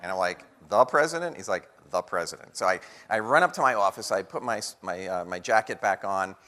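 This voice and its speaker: A man giving a lively storytelling talk to an audience, acting out the voices of people in his story. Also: sits low, fairly quick. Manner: animated storyteller acting out quotes. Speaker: guest speaker. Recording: long hall reverb.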